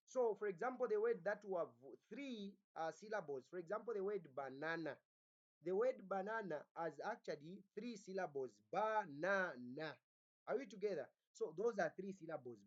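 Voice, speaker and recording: A lecturer, teaching phonology. Throughout, the lecturer asks the class to fill in words and keeps checking that everyone is following. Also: mid-range voice. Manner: asks rhetorical "what?" questions for the class to fill in; repeats "are we together?" to check understanding. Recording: dull lo-fi recording.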